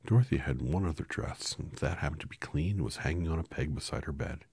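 Deep, gravelly man reading a story. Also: animated, quick pace, a little mellow, no echo. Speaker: storybook reader. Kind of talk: reading a children's story aloud.

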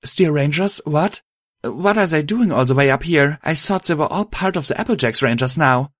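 A man's voice: mid-range voice, normal speed, no room sound, studio quality, pitched above the performer's own voice, lightly acted. A man voicing a kind, stressed mare who is both nurse and mayor of a small town, given to anxious outbursts. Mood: worried.

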